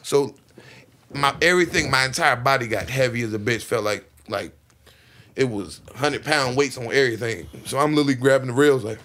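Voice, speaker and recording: A young man in casual podcast chat, telling a story in an animated way and acting out his own reactions. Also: medium pitch, brisk.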